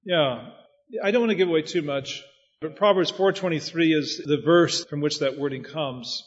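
A man's voice: a little high, normal speed. A man preaching as a pastor, folksy and anecdotal, with chuckling asides. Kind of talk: preaching talk. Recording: muffled sound with long hall reverb.

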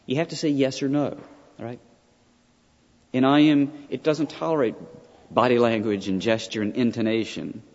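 A man lecturing as a college professor, emphatic and often checking in with his listeners with a quick "right?". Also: medium pitch, fairly even intonation, a little mellow. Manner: emphatic, peppered with "right?" asides. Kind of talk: classroom lecture. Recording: dull lo-fi sound with long hall reverb.

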